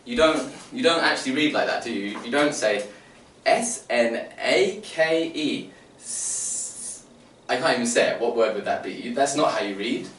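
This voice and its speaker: A man's voice: medium pitch, fast, few pauses, a bit bright. A man presenting phonics teaching to other teachers, sounding out letters and explaining step by step. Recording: roomy, distant mic, faint room noise.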